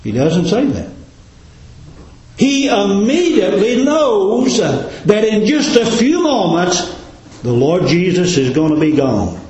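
Echoing high-voiced male preacher. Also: big pitch swings, slow pace, a little mellow, slight background noise. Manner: dramatic preaching cadence, rhetorical questions. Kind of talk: sermon. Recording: very echoey room.

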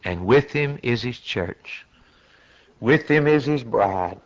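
Slow, dramatic male preacher, lo-fi. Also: lively intonation. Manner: slow, dramatic preaching that climbs to high shouted peaks. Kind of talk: sermon.

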